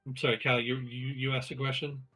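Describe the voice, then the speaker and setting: A man narrates a tabletop game as its game master. His voice is bright and forward, with a husky edge. He talks hesitantly, pausing and searching for his words. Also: medium pitch, level tone, soft background music, poor audio.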